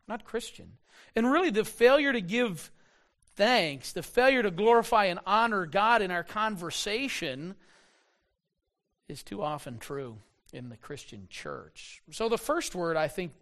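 A middle-aged man preaching a sermon in a high, lively voice. He swings his pitch widely, repeats himself and slows right down to drive a point home. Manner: animated preaching, slows for emphasis, repeats words. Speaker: pastor.

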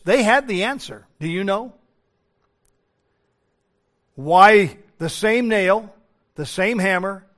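Guy preaching a sermon, pretty high voice, keeps repeating himself for emphasis. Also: fairly bright tone. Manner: emphatic preaching with repetitions and restarts.

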